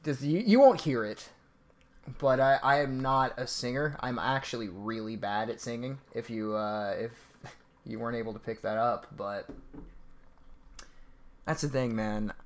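A man's voice: medium pitch, measured pace, pauses often. A man casually chatting with viewers on a live stream, reading out donations in a rambling, laid-back way, laughing often and swearing offhandedly.

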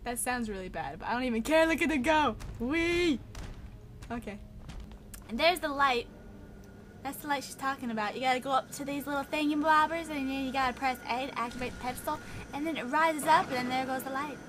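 A woman's voice: high-pitched, fairly quick, a bit bright, slight background noise. A woman hosting a playful let's-play commentary, chatty and giggly, talking to the characters in the game. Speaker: gaming channel host.

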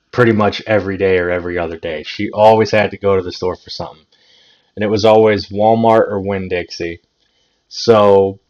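Laid-back guy with a lowish voice, chuckles and stumbles over words, storytime vlog, dull lo-fi audio. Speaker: channel host, storyteller. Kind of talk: casual story time vlog. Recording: dull lo-fi recording.

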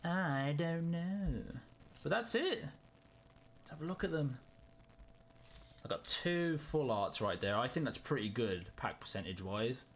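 A young man chatting casually and excitedly to himself in a card-opening vlog. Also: mid-range voice, takes it slowly, long pauses. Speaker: YouTuber.

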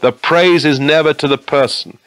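A man's voice: fairly high pitch, moderate pace, a bit bright, dry recording, rough recording. A man preaching a sermon in an earnest, conversational way, often asking his listeners questions.

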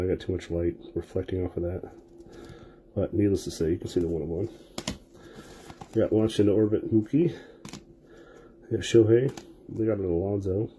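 A man's voice: low-pitched, dark tone, a little hiss or hum. A man casually calling out player names and card finds as he opens packs during a live sports card break.

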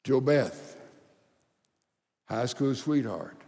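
Older male pastor, unhurried sermon delivery, dips soft then swells, long reverb of a large sanctuary. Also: medium pitch, expressive. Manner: dramatic swings from loud to hushed; slow, deliberate delivery with long pauses.

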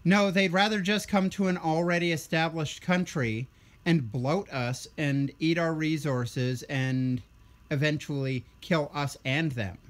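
A man's voice: on the high side, fairly even intonation, unhurried. A tired young man ranting bluntly and sarcastically in a political vlog. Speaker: vlogger.

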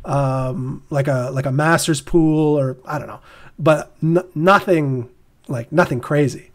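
A man's voice: fairly high pitch, a little slow. A Canadian man co-hosting a podcast, chatting casually in a rambling way, often restarting his sentences. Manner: chatty, rambling, laughs easily. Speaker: podcast co-host. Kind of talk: casual chat.

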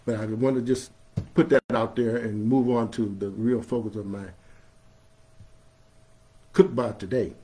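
An imam preaching a sermon in a mid-pitched male voice. He builds from a calm explaining tone to loud, drawn-out emphasis on key phrases, then chants scripture. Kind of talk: Friday sermon. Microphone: streamed live online.

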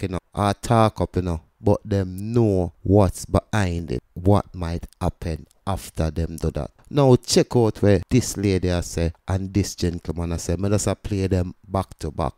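Low, smooth Jamaican man commenting. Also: moderate pace, hardly any pauses, mellow, dry recording, clean studio sound. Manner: conversational, explanatory, patois-laced. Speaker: commentary channel host. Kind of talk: news commentary.

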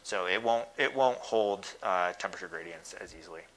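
A man's voice: low voice, a little fast, fairly bright tone, rough recording. A man giving thoughtful, technical answers in an academic Q&A, with many small hesitations. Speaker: guest speaker answering questions.

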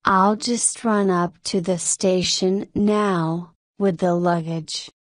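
A woman reading the lines of a sleepy, blunt young hotel boy in a story, plainly and unhurried. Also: on the low side, steady tone, no room sound, clean studio sound.

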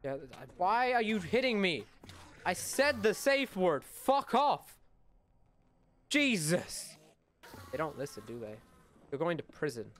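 A young man in his late teens giving casual gameplay commentary, swearing a lot and swinging between loud outbursts and mumbled asides. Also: sits high, sing-song, a little slow, long pauses. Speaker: gaming YouTuber.

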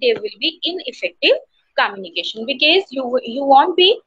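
A woman's voice: high voice, sing-song, moderate pace, a bit bright, breathy edge. A woman teacher with an Indian English accent, lecturing an online class and explaining step by step, with frequent fillers and tag questions. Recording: slightly dull, dry sound.

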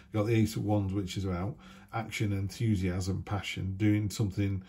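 Husky, mellow-voiced man reading tarot. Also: on the low side, moderate pace. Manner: chatty, animated, rambling with asides. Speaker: tarot reader.

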